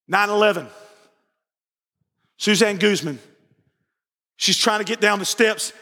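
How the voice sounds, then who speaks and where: A pastor with a high, ringing, sharply bright voice delivers an evening sermon, telling stories and repeating phrases as he builds to impassioned preaching. He speaks at a measured pace with frequent pauses. His voice echoes through a large, reverberant church hall.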